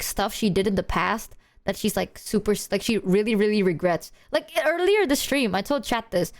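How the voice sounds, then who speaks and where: A young woman streaming as a VTuber, chatting casually with viewers in a rambling, slangy, self-mocking way and laughing often. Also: on the high side.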